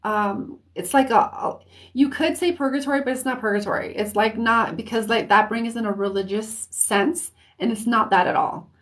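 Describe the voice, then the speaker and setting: A woman giving an intuitive reading on a live stream, hesitant and searching for words, with soft, comforting reassurance. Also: a little high, moderate pace. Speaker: intuitive reader.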